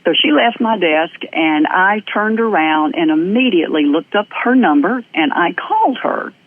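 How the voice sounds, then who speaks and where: A middle-aged woman with a Southern US accent, recounting her own experiences as an interview guest. Her telling is lively and earnest, with plenty of ums and uhs along the way. The sound is thin and phone-like, as if it came over a remote call. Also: on the low side, moderate pace. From American South. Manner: lively, earnest storyteller with frequent fillers. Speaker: guest, energy practitioner. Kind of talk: personal storytelling in an interview. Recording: tinny phone-like audio.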